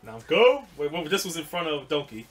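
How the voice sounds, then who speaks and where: A man's voice: on the high side, sing-song, brisk, fairly bright tone. A man chatting casually, reacting to a friend's story with surprised questions. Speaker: friend listening. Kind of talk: casual chat while gaming.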